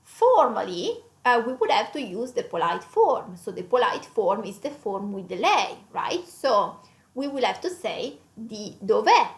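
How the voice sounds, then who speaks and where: A woman with an Italian accent hosting a language lesson, slowly repeating phrases for learners. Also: on the high side, reverberant. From Italy. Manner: lively, drawn-out teaching delivery with slow repetitions. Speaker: Italian teacher and host.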